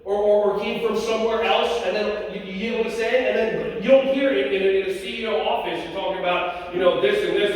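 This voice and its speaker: A man giving a lively keynote talk to an audience, acting out quotes and putting questions to the crowd. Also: extremely high pitch, moderate pace, a little hiss or hum. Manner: animated, acts out quotes and asks the crowd questions. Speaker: keynote speaker. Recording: echoey hall from far off.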